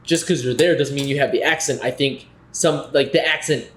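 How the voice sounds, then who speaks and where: A man in his twenties co-hosting a podcast, asking quick probing questions in casual chat. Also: mid-range voice, fairly even intonation, a little hiss or hum. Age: 20s. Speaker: podcast co-host.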